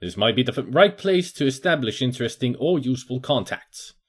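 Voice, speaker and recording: A man's voice: mid-range voice, expressive, fairly quick, husky. A man playing a video game on his own, reading its text aloud and musing about what to do next. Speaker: let's player. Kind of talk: casual game commentary.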